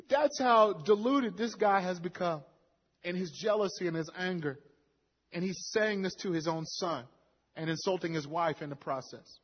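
A high-voiced, husky man delivers a sermon, chatting through scripture and then pressing hard on the key lines. The recording is dull and lo-fi, and his voice rings out with the long reverb of a large hall. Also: moderate pace, pauses often. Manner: conversational preaching, quoting scripture with rising emphasis. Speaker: pastor.

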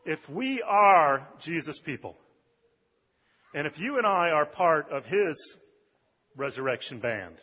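A man's voice: a little high, breathy edge. A male pastor giving a sermon in a conversational way, with "um" and "uh" between thoughts. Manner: conversational preaching with fillers. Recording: dull, lo-fi recording with long hall reverb.

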